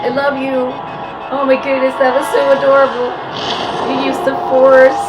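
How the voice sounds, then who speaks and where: A woman hosting a reaction video, excitedly yelling and cooing at the episode as she watches. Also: high voice, normal speed, loud music behind the voice, low-quality recording.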